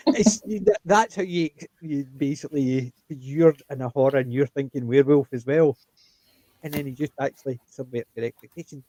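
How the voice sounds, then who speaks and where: A man's voice: mid-range voice, dry recording, low-quality recording. An older man with a Scottish accent, hosting a casual group chat and telling stories with acted-out quotes. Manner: chatty, animated storytelling with acted-out quotes. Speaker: host.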